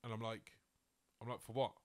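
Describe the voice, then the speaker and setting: A man's voice: on the low side, brisk, dry recording. A man, co-hosting a casual podcast and telling an anecdote, acting out the people in it. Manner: animated storyteller, acts out quotes. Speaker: podcast co-host. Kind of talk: casual chat.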